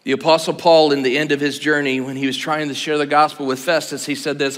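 High-voiced, lively older man preaching. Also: fast talker, few pauses. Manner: animated storytelling with humor. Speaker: pastor. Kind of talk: conference sermon. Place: large conference hall. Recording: long hall reverb.

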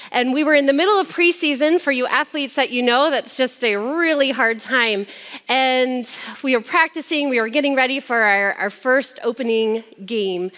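A woman sharing a personal testimony with an audience. She tells it earnestly and drops softer at the heavy moments. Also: sits high, long reverb tail. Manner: earnest storytelling, dropping soft at heavy moments.

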